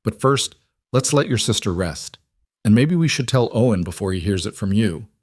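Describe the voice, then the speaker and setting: A man voicing a steady, protective widowed rancher in his thirties in a storybook western. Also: fairly low pitch, normal speed, no echo, studio quality. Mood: warm teasing.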